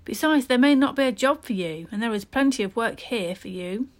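A woman's voice: fairly high pitch, animated, fairly quick, close to an everyday voice. A woman voicing a firm but kind farming father who turns down his son's request.

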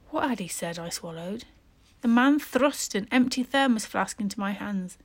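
A woman narrating a children's story with steady, expressive reading. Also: medium pitch, normal speed.

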